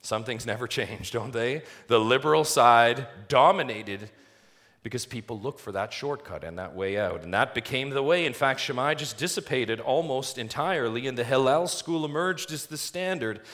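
A man's voice: medium pitch, fairly bright tone. Man preaching with rhetorical questions. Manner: reads scripture aloud slowly and deliberately. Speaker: pastor. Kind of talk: sermon.

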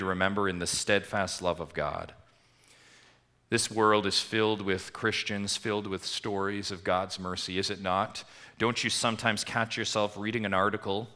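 A man preaching a sermon to his church congregation, asking rhetorical questions and swinging between emphatic swells and quiet drops. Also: lowish voice. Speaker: pastor.

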